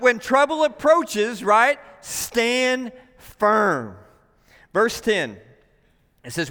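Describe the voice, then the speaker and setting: A man delivers a sermon in a church sanctuary, pressing each point home and checking in with the room. His voice sits high and sounds bright and edgy, with a long hall reverb trailing behind. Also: very animated, takes it slowly, smooth. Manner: emphatic, says "right?" often. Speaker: pastor.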